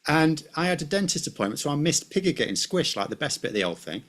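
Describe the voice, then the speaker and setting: A man's voice: a little high, very animated, fast talker, a bit bright. A British man guesting on a live stream, arguing bluntly and dryly against popular opinion. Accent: British English. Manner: blunt, contrarian, dry. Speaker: guest commentator. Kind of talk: casual debate on a live stream.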